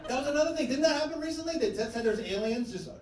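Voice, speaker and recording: Stand-up comic, male, high voice, profane riffing; echoey noisy club sound. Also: animated, racing, far from the mic. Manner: loose, profane, riffing with crowd laughter. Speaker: stand-up comedian. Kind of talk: stand-up comedy set. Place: comedy club stage. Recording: echoey venue, mic heard from afar, noisy.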